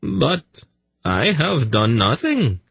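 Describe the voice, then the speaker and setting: A man voicing an oily, fawning merchant who protests in a high, whining manner. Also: wildly swooping pitch, extremely slow, creaky, a bit bright, breathy edge, no room sound, full character voice. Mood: oily protesting.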